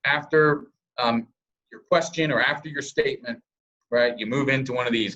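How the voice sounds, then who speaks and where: A man's voice: medium pitch, steady tone, moderate pace, sharp tone, muffled recording. A man giving a sales training presentation over a call, coaching listeners and acting out example scripts in different tones.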